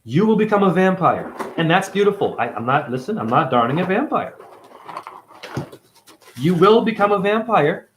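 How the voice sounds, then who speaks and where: A man's voice: high-pitched, big pitch swings, moderate pace, slight background noise. A man delivering an angry, confrontational monologue as a self-styled spiritual teacher, swearing constantly. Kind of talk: profane ranting monologue.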